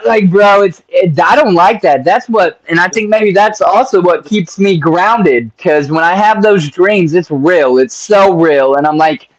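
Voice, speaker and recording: A man's voice: high voice, a little slow, few pauses, low-quality recording. A man hosting a casual interview, rambling and swearing, calling his guest "bro". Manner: rambling, profane, keeps saying "bro". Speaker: podcast host.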